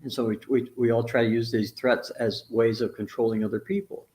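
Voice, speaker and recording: A man's voice: mid-range voice, fairly even intonation, a little fast, darkish tone. A man in a casual discussion, explaining ideas bluntly with restarts, mild swearing and acted-out quotes. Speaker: relationship teacher in a conversation.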